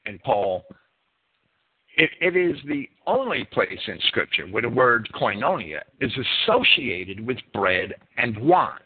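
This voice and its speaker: A man with a New Jersey accent teaching a Bible sermon, emphatic and deliberate, stretching his key words. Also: medium pitch, big pitch swings, husky. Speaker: preacher. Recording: phone-like narrow sound.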